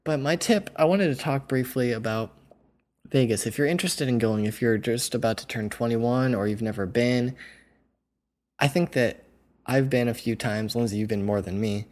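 A man's voice: medium pitch, normal speed, darkish tone. A young man in casual podcast chat, talking in a middle-range voice. He rambles along, padding his story with "like" and "you know," and laughs off his own tangents. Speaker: podcast host.

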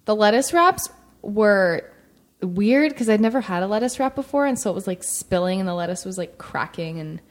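A woman's voice: mid-range voice, lively intonation, normal speed. Chatty woman telling stories. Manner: chatty storyteller, lots of "like". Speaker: podcast co-host. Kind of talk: casual chat.

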